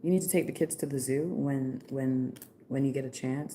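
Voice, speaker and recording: A woman's voice: a bass voice, brisk, dark tone, a little hiss or hum. A woman giving a chatty, rambling live-stream card reading, passing on messages from spirits. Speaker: psychic card reader.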